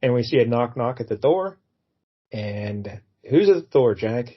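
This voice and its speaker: A man chats through a comic book page by page in a relaxed, rambling way, now and then putting on the characters' lines. His voice sits at a middle pitch. The recording is slightly dull and lo-fi. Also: a little slow. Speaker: podcast co-host. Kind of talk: casual comic book review chat. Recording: dull lo-fi podcast audio.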